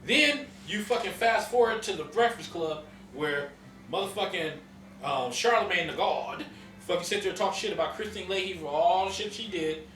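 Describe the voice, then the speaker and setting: A man's voice: sits high, normal speed, sharp tone, roomy sound, far from the mic, faint music behind. A man hosting a podcast, ranting in heated casual chat, profane and emphatic. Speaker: podcast host.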